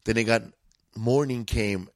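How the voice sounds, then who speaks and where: Slangy, profane LA comedian. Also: male voice, on the low side, steady tone, measured pace, dry recording. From East Los Angeles. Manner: profane, laid-back, drawling street slang. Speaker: guest comedian. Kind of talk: casual storytelling.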